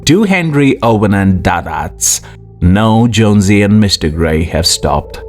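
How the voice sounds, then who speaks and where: A man's voice: on the low side, animated, measured pace, faint music behind. A man voicing a proud, self-loathing military commander who speaks solemnly, in an audiobook reading. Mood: commanding.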